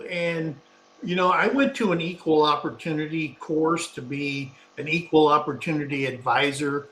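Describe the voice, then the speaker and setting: A man's voice: a little high, normal speed, fairly bright tone, slight background noise. A middle-aged man co-hosting a casual live talk show, telling a rambling anecdote and acting out what people said. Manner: rambling anecdotal, acts out quotes. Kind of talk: casual storytelling chat. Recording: echoey room.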